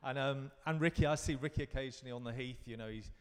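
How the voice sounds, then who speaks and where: A man's voice: mid-range voice, quick pace, big-room sound, a little hiss or hum. A man in his fifties from London, a guest performer in a live interview, telling rambling, reflective stories with frequent restarts. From London, England.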